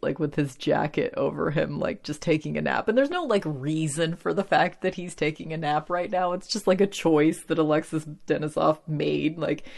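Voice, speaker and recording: A chatty woman in her late thirties, originally from the Midwest, talks through a TV show in a loose, rambling way. Her voice sits a little low, and she fills her sentences with "like" and little laughs. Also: gravelly, a little mellow. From American Midwest. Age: 30s. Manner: chatty, rambling, full of "like", giggles often. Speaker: TV show recapper. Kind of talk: casual chat.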